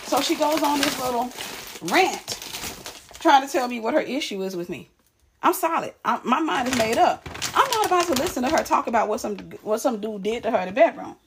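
A woman's voice: a little high, sing-song, fast, noisy background. A woman telling a personal story straight to the camera in a casual, emphatic way, often restarting and repeating words. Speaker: vlogger.

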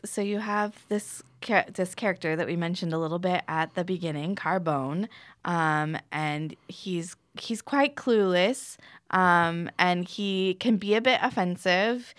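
A woman's voice: lowish voice, unhurried, no echo, clean studio sound. A woman hosting an interview, chatty and full of filler words. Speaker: podcast host. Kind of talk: casual interview chat.

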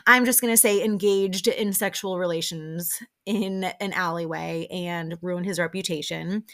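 A woman with a slightly low voice hosts a podcast. She recaps a reality show in a chatty, animated way and acts out the lines of the cast as she goes. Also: unhurried. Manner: chatty and animated, acting out quotes with frequent laughs. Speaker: podcast host.

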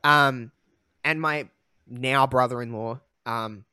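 A young man talks through a deeply personal story on a podcast, candid and emotional, pausing on fillers and restarts. His voice sits at an everyday pitch, recorded close and dry with no room sound around it. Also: steady tone, sharp tone, smooth, dry recording. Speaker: podcast host.

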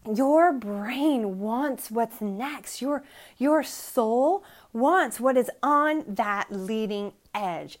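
A middle-aged woman hosting a solo motivational podcast from her bedroom, preaching with emphatic repetition and sounding emotionally drained. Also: fairly high pitch. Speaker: podcast host.

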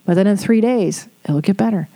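A woman's voice: mid-range voice, fairly quick, mellow. A middle-aged woman hosting an advice podcast, talking frankly in a casual way, swearing freely and laughing often. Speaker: podcast host giving advice.

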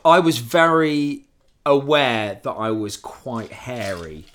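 A man's voice: mid-range voice, slow pace, noisy background. A young man co-hosting a podcast, telling rambling stories and laughing through them. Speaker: podcast co-host. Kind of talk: casual banter.

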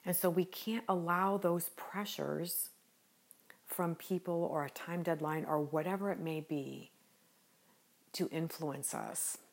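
A woman hosting a devotional podcast, talking gently and earnestly in an unhurried way with a smile in her voice. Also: fairly low pitch, steady tone, gravelly. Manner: gentle, unhurried and earnest, smiling as she speaks. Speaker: podcast host.

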